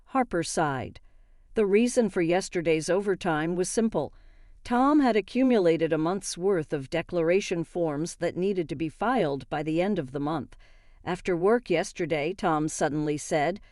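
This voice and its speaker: A woman narrating a first-person story in a steady, even read. Her voice is slightly low, and the sound is close and dry with no room echo. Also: a little slow.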